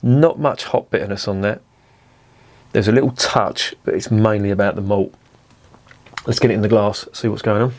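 A man reviewing a beer in a casual vlog, meandering from tangent to tangent with plenty of ums. His voice sits a bit low, and his talk is chatty and unpolished with the odd swear word. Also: fairly even intonation, moderate pace, long pauses, darkish tone. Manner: rambling, chatty, with swearing and many fillers.

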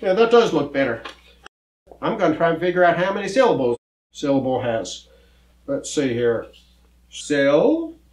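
A man plays a folksy, good-natured cowboy teacher in a children's comedy skit, his voice fairly high and very lively. He explains patiently and cracks corny jokes, with a roomy echo around him. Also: moderate pace, pauses often, close to an everyday voice. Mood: friendly.

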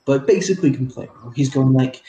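Mellow-voiced man running a tabletop game. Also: mid-range voice, quick pace, roomy sound, rough recording. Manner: descriptive, with fillers. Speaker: game master.

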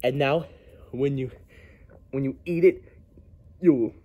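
A man voicing a scheming plush toy villain in a homemade plush skit, plotting in a sly, low-key way. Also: slow, highs cut off.

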